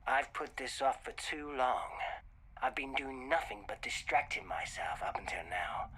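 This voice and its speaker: A man playing a brooding spaceship crew member haunted by lost memories, speaking in a hushed, breathy, hesitant way in video game dialogue. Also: mid-range voice, lively intonation, a little slow, heavily acted. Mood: reflective.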